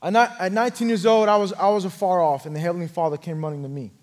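High-voiced man preaching his testimony. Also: fairly even intonation, rapid-fire. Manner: earnest, storytelling, swells louder at key moments. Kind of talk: sermon testimony.

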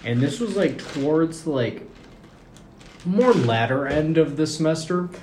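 A young man in a casual chat, telling a story in an animated way, with lots of fillers and swearing, and acting out the people he quotes. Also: a little high, a little slow. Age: young adult. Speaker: podcast co-host. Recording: echoey room with faint noise.

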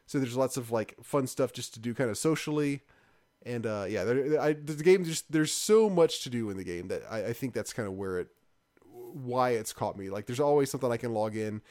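A man's voice: medium pitch, lively intonation, normal speed, a little mellow. Easygoing man rambling on a podcast. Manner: rambling, easygoing, self-correcting. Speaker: podcast co-host. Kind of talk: casual podcast chat about games.

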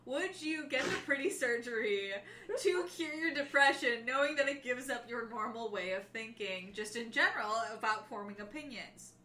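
Bright, lively young woman chatting. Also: fairly high pitch, moderate pace. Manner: animated, laughs often, acts out characters' lines. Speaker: podcast co-host. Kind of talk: casual book chat.

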